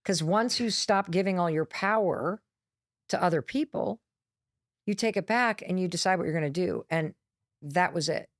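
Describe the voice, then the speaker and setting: Middle-aged lady guest on a podcast, kinda low voice, dry close mic, lively and blunt storytelling. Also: moderate pace, no echo. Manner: lively, acts out quotes, candid with swearing. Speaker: guest, motivational speaker and author.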